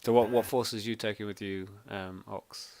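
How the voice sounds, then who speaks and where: A man running a tabletop role-playing game as game master, relaxed and joking, often repeating words as he thinks. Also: on the low side, normal speed, slight background noise. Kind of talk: casual tabletop game narration.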